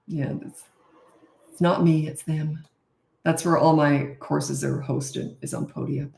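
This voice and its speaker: A middle-aged woman coaching parents in a casual Q&A, blunt and matter-of-fact, now and then acting out short quotes in a higher voice. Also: fairly even intonation, slow, creaky, a little mellow. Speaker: parenting coach answering viewer questions. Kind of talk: casual live Q&A. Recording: roomy echo.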